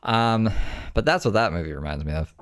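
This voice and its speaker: A man's voice: lowish voice, brisk, a bit bright, no echo, clean studio sound. A man chatting casually and telling rambling, profane, wry anecdotes. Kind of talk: casual chat, storytelling.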